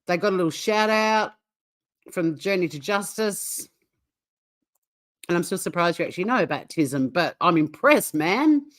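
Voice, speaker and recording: A middle-aged Australian woman hosts a loose livestream, her voice sitting a little low for a woman. She talks bluntly, swears without a second thought and laughs her way through her remarks. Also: lively intonation, moderate pace, pauses often. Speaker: livestream host. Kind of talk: casual livestream chat reacting to a clip.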